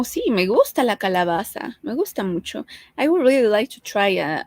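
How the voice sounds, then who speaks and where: A woman's voice: mid-range voice, a little mellow, dry recording, poor audio. A young woman from Mexico with a Mexican accent, teaching a casual Spanish lesson and mixing Spanish with English in a chatty way. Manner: switches between Spanish and English, chatty with light laughs.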